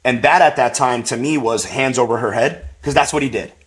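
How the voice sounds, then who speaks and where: A man, a podcast guest, tells a personal faith story in a rambling, animated way, with lots of fillers and acted-out quotes. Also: mid-range voice, fairly quick. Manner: rambling, full of "like" and "you know"; animated, acts out quoted voices.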